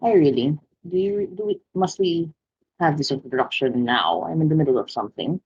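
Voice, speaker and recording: A woman's voice: low voice, normal speed, breathy edge, muffled recording. A woman voicing an impatient, bookish male half-orc scholar with formal, hesitant speech.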